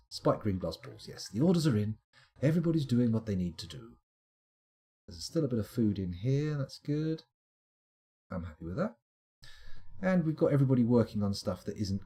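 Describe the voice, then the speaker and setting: A man's voice: mid-range voice, dark tone, husky. A man streaming a management game, muttering his choices aloud with wry asides. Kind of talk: casual let's-play commentary.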